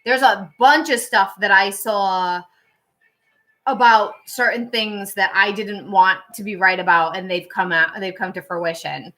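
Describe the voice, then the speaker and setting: A woman's voice: mid-range voice, a little slow, pushed and bright. A woman tarot reader casually telling stories on a livestream, chatty and full of fillers and restarts.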